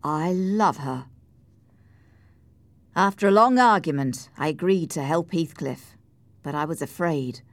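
A woman narrating a storybook in a measured, clear reading voice. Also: low-pitched, expressive, no room sound.

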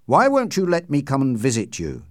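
An earnest, worried gentleman questions his old friends, voiced by a man reading aloud. His pitch moves a lot. The recording is dry and close. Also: wildly swooping pitch, moderate pace, no room sound.

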